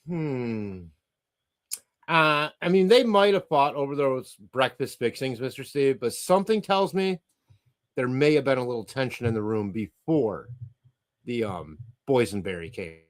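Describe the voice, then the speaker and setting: A man's voice: mid-range voice, animated, a little slow. A middle-aged man hosting a livestream, reading chat comments aloud and ranting casually with profanity and frequent laughter.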